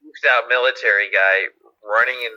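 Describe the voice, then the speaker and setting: A man's voice: mid-range voice, steady tone, moderate pace, pushed and bright, no echo, highs cut off. A man co-hosting a podcast in casual chat, teasing his friend and laughing often. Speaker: podcast co-host.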